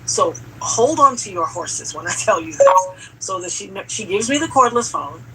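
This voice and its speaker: Animated woman telling a dramatic story. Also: medium pitch, normal speed, slight background noise, poor audio. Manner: dramatic, animated storyteller who acts out quotes. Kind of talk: casual storytelling chat.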